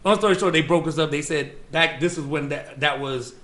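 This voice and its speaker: A man's voice: a little high, steady tone, normal speed, a bit bright. A man from the Bronx with a New York accent, a guest telling loose, slangy stories with many fillers. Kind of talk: casual storytelling interview. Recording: echoey room with faint ambient noise.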